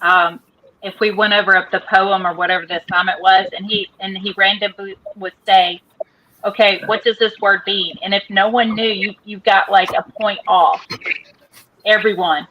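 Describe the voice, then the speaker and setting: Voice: mid-range voice, little pitch movement, normal speed, a little hiss or hum. A speaker joining casual chat, telling a school memory in a chatty way. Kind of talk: casual chat on a live stream. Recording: dull lo-fi sound.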